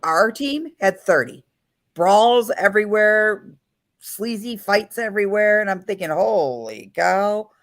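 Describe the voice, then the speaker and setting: Woman host chatting on a late night stream, voice jumps all over, animated retelling. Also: medium pitch, measured pace, no echo, studio quality. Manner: animated, acts out quoted people. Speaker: livestream host. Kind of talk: casual storytelling chat.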